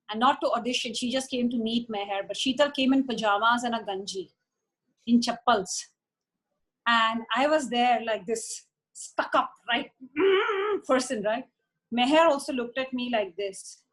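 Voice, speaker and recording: A woman's voice: fairly high pitch, moderate pace, rough recording. Chatty woman telling a story. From India. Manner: chatty, animated retelling with quoted voices. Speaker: interview guest, former model. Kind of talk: casual storytelling.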